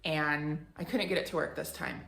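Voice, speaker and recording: A woman in her forties telling a story in a casual, animated way and acting out the people she quotes. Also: deep voice, moderate pace, vocal fry, reverberant, soft background music. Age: 40s. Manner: animated, acts out quoted voices. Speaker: furniture flipping vlogger.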